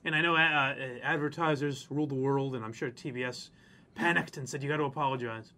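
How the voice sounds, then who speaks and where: A man's voice: fairly high pitch, fairly even intonation, fairly quick, bright, forceful tone. A man co-hosting a casual chat, ranting with plenty of profanity and mocking people in exaggerated voices. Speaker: podcast co-host.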